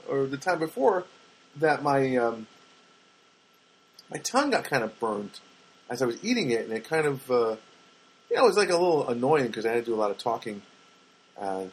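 A man's voice: mid-range voice, sing-song, moderate pace, slight background noise. An older man hosting a casual solo podcast, telling rambling everyday anecdotes with wry asides and frequent self-corrections. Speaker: podcast host.

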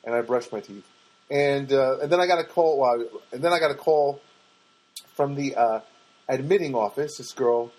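Podcast host, male, husky voice, rambling self-mocking storyteller. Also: normal speed, a little mellow, poor audio. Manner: rambling, self-mocking, mimics others in a high voice. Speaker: podcast host and stand-up comic. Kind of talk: casual storytelling monologue. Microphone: podcast microphone.

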